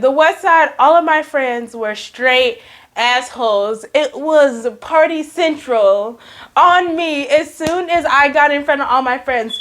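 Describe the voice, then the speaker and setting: A high-voiced woman tells a story straight to the camera in a casual vlog. She hams it up, dramatizing her own panic and disbelief with lively, animated storytelling. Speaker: vlogger telling a story.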